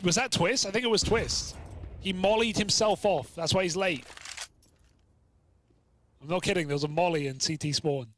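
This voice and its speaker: A man casting a live esports match, quick and chatty, bantering with his co-commentator. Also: high-pitched, a bit bright, a little hiss or hum. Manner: quick, chatty, jokes with co-caster.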